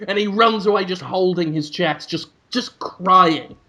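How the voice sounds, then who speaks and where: A man hosting a podcast, rambling through an absurd improvised comic story and bursting into loud put-on voices. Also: high voice, normal speed, hardly any pauses. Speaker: podcast host.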